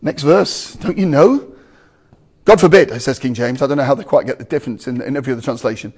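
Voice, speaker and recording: A man preaching a sermon to a congregation, emphatic, with loud exclamations and quiet asides. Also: medium pitch, animated, fast talker.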